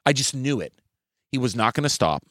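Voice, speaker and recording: A man co-hosting a podcast tells a heckler story with a lively, swinging pitch, breaking into loud acted-out quotes. His voice sounds dry and close, with no room around it. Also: a little fast, no echo. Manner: swears freely. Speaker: podcast co-host and stand-up comedian. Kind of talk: animated storytelling in casual chat.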